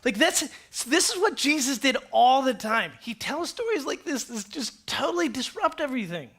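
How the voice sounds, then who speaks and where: A high-voiced male pastor delivering a sermon in a playful, conversational way. He tells stories animatedly and slips in asides to the congregation. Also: very animated, normal speed, a bit bright, breathy edge. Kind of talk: sermon with acted-out storytelling.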